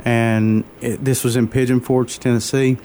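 A man's voice: medium pitch, flat delivery, warm tone, slight background noise. Earnest man telling a moving story. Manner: earnest, halting, many fillers and restarts; emotional, openly moved. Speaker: interview guest. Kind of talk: personal testimony storytelling.

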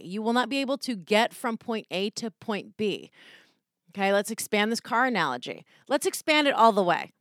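A woman talks through a self-help idea in a loose, candid way, swearing freely and slipping into quoted voices as she goes. Her pitch sits in the middle, and the sound is dry with no room around it. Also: no room sound. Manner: candid, profane, animated, acts out quoted voices. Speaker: podcast host. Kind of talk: casual self-help talk.

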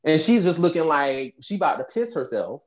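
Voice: mid-range voice, fairly quick. A podcast co-host casually recapping a movie, acting out lines with laughter and swearing freely. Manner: animated, laughing storyteller who acts out quotes; casual cursing.

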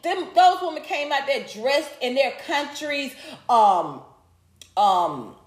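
A woman's voice: sits high, expressive, takes it slowly. A woman, hosting a live stream and talking straight to her viewers in a heated, profane rant. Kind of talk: casual live-stream commentary. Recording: echoey room.

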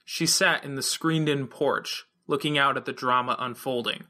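Bright-toned male audiobook narrator. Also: medium pitch, steady tone, normal speed. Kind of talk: scripted narration.

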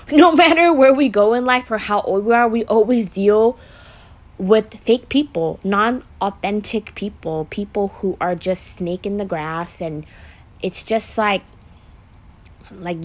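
In a mid-range voice with the highs cut off, a pregnant young vlogger talks casually on her makeup podcast. She's emotional and frank, swears freely, and uses "like" constantly in this confessional chat.

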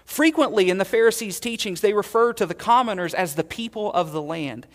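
A man preaching a sermon as pastor, earnest, swelling loud and then dropping to quiet emphasis. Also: high voice, expressive, brisk, in a large hall.

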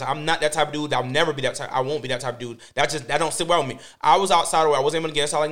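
Fast-talking man telling stories emphatically. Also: fairly high pitch, steady tone, fairly bright tone. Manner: emphatic, repetitive, profane storytelling. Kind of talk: casual group discussion.

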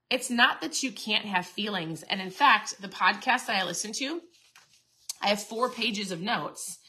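A woman's voice: medium pitch, pushed and bright. A middle-aged woman hosting a casual motivational podcast talk, chatty and earnest, often restarting and repeating herself. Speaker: podcast host and keto coach.

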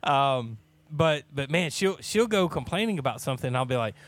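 Man, 30s, laid-back Bible study leader, jokey, laughs a lot, mid pitch. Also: animated, a little fast, hardly any pauses. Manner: joking, laughs often, many restarts. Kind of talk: casual church Bible study chat.

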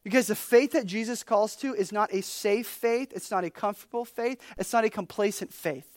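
A woman preaching a casual, humorous sermon, chatty and animated, with many fillers. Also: medium pitch, moderate pace, no echo, clean studio sound. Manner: chatty, animated, uses lots of "like".

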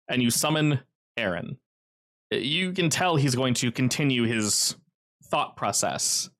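A man serving as game master, narrating a tabletop game at a mid pitch. His delivery is steady and descriptive as he sets each scene.

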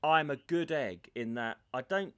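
A man's voice: fairly high pitch, lively intonation, a little slow, a bit bright, no room sound, studio quality. A middle-aged man with a rambling, anecdotal way of talking, co-hosting a casual podcast chat. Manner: rambling storyteller, puts on voices in anecdotes. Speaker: podcast co-host.

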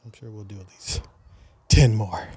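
A man's voice: on the low side, moderate pace, a little mellow, husky, dry recording. A man in his sixties chatting casually as a podcast guest, joking dryly and laughing often. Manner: dry, joking, laughs a lot. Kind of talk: casual chat.

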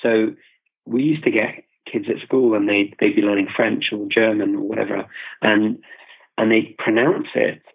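A man's voice: lowish voice, flat delivery, normal speed, vocal fry, husky. A British man explaining his views thoughtfully in a conversational interview, often restarting his sentences. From Britain. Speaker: guest, polyglot. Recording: phone-like remote call audio.

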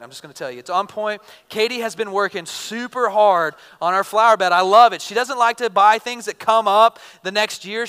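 A man in his thirties preaching a sermon in an earnest, conversational way, shifting between loud bursts and quiet intensity. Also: high-pitched, clean tone. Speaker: pastor. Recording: reverberant hall.

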